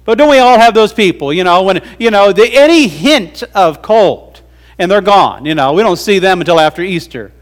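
Folksy preacher guy, high voice, jokey and chatty, sermon. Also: animated, moderate pace. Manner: folksy, humorous, conversational. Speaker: pastor.

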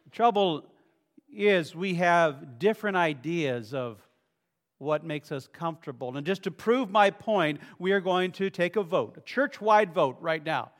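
High-voiced male pastor, playful. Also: lively intonation, a little slow, long reverb tail. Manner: playful, joking with the congregation. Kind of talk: sermon. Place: church sanctuary.

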